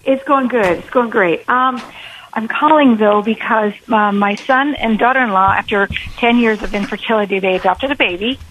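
Teary lady calling in by phone, lots of ums and pauses, highish voice. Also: fairly bright tone, a little hiss or hum, poor audio. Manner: hesitant, many pauses and fillers. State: fighting back tears. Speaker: caller. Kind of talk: call-in radio conversation. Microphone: telephone call.

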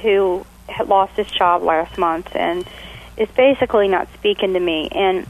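A woman's voice: mid-range voice, measured pace, narrow, tinny audio. A woman calling in to a radio advice show, speaking politely with some hesitation. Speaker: caller. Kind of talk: phone call to radio show.

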